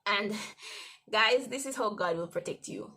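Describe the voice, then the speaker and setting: Young woman, devotional host, casual testimony, mid-pitched voice, meandering delivery. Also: unhurried. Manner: conversational, rambling with restarts and soft laughs.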